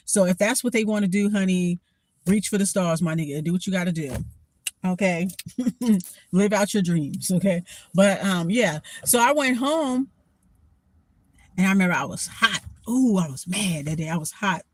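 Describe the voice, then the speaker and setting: A woman telling a story in a casual vlog, blunt and profane, animated and quick to laugh. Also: mid-range voice. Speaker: storytime vlogger.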